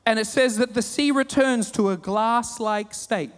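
A man with an Australian accent preaching a sermon, telling stories with humor and animated retellings. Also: very high-pitched, unhurried, big-room sound. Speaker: pastor.

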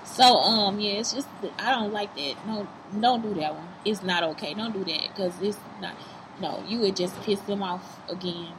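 A woman's voice: mid-range voice, moderate pace. Woman vlogger, blunt and swearing, rambles, restaurant noise behind. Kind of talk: casual vlog talk. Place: fast-food restaurant. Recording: noisy restaurant background.

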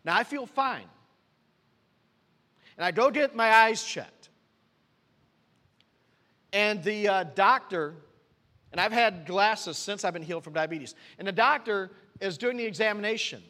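A man preaching, a pastor telling a personal testimony with animated storytelling, acting out his own conversations. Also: high-pitched, measured pace, pauses often. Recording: long reverb of a church hall.

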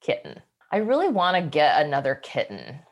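Woman guest, very low voice with lively pitch swings, thinks out loud as she goes. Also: moderate pace. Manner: thinks aloud, meandering with restarts. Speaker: podcast guest. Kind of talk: casual podcast chat.

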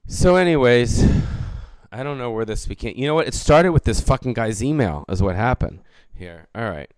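A man's voice: mid-range voice, expressive, moderate pace, smooth, dry recording. A man of about fifty who hosts a podcast and does stand-up. He rants alone in a rambling, profane way and keeps correcting himself. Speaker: comedian and podcast host. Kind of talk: casual solo podcast rant.

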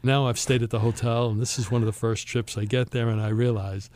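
A man hosting a podcast, telling a travel story in a lively way and acting out the other people's lines. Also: mid-range voice, fairly quick, no echo. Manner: animated storyteller, acts out quoted voices. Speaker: podcast host. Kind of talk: storytelling chat.

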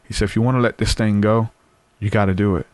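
A man tells his story in an earnest, easygoing way, often restarting his sentences. His voice sits low. The sound is close and dry, with no room echo. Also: steady tone, quick pace, darkish tone. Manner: earnest, conversational, frequent fillers and restarts. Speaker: guest sharing testimony. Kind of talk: casual storytelling.

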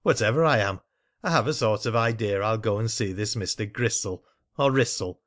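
A man's voice: on the low side, normal speed, a bit bright, close to an everyday voice. A man reading the part of a self-assured male provincial businessman, speaking politely and confidently.

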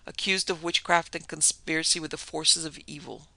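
A man's voice: on the high side, fairly even intonation, moderate pace, vocal fry, pushed and bright, no echo, exaggerated voice. A man voicing a court provost, droning and formal.

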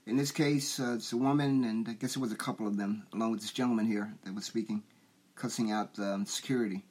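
Husky man posing rhetorical questions. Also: lowish voice, steady tone, darkish tone. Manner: slow, preachy, asks rhetorical questions. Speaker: show host. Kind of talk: commentary monologue.

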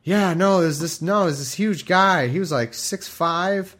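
A man voicing a dying ancient warlord who frantically blames someone else, in an exaggerated high voice. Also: normal speed, close to an everyday voice. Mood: flustered.

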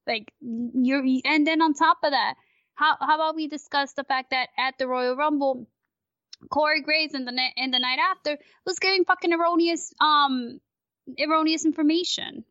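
A woman guest on a casual podcast, ranting in a rambling, profane, animated way. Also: high-pitched, moderate pace, no echo, lo-fi sound.

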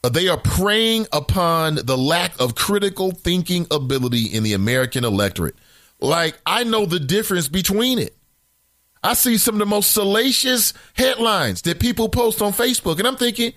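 A man's voice: high-pitched, lively intonation, moderate pace, a bit bright, no room sound. A man hosting a morning radio talk show, giving rambling, opinionated commentary from a studio mic.

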